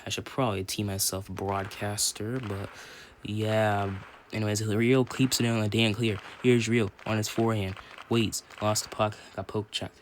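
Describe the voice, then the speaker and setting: A young man doing casual play-by-play commentary for an online hockey league on his phone, rambling and correcting himself, then shouting when someone scores. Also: on the low side, moderate pace, slight background noise. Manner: rambling, self-correcting, bursts into excited shouts on goals.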